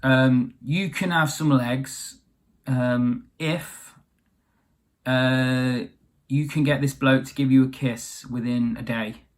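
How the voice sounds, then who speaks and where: A man's voice: mid-range voice, fairly even intonation, takes it slowly, natural voice. A man voicing a female octopus sea witch who rambles through a bargain in an offhand way. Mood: scheming. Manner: offhand, rambling deal-making.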